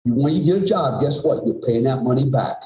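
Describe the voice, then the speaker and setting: A middle-aged former special forces soldier, guesting on a podcast, tells a story bluntly and emphatically, swearing along the way. His mid-range voice is warm, fairly quick and lively in intonation, with soft music behind him and a roomy echo on the recording.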